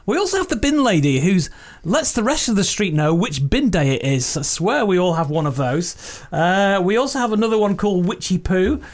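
A podcast co-host, mid-pitched, with a voice that rises and falls a lot as they read out listener emails. The tone is jokey and teasing, loose and conversational. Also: very animated, normal speed. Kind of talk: casual chat, reading listener emails.

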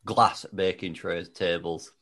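A man's voice: low voice, fairly even intonation, slow pace, fairly bright tone. A man telling a rambling made-up story in a casual podcast chat.

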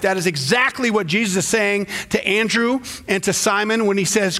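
A middle-aged pastor preaches a sermon in church, speaking fairly quickly with few pauses and a fairly bright tone. He tells stories and acts out quotes, his pitch jumping suddenly.

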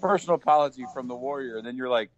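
A man's voice: medium pitch, rapid-fire, highs cut off, slight background noise. A man co-hosting a casual podcast chat, spinning out comic scenarios. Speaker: podcast co-host.

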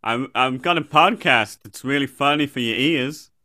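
A man's voice: pushed and bright, no room sound, clean studio sound, close to an everyday voice. A man putting on a goofy Canadian guy. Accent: put-on North American. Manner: halting, slow, rambling sales pitch.

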